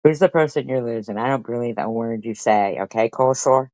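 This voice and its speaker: A woman's voice: extremely low pitch, fairly quick, a little mellow, no room sound, poor audio. A woman live streamer arguing in a profane, confrontational and mocking way. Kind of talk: heated live-stream commentary.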